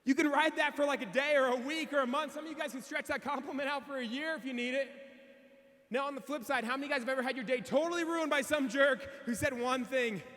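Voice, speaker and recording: A man's voice: extremely high pitch, quick pace. A man in his thirties giving a motivational speech, telling funny stories and acting out the voices of the people in them. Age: 30s. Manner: animated storytelling, acting out quoted voices. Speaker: keynote speaker. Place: large convention hall. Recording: echoey hall with long reverb.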